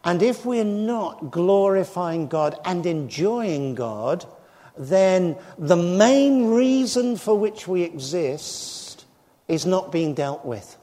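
A man's voice: high-pitched, very animated, slow pace, dark tone. An older man preaching a sermon earnestly, acting out the voices in the stories he tells. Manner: earnest, acts out quoted dialogue. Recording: reverberant hall.

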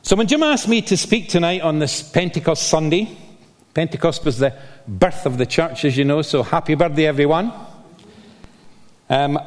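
An older man from Scotland with a softened Scottish accent, preaching a sermon as a visiting speaker, with frequent "uh" fillers and a self-deprecating manner. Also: on the high side. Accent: Scottish, softened by years in England. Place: church. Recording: long reverb of a church hall.

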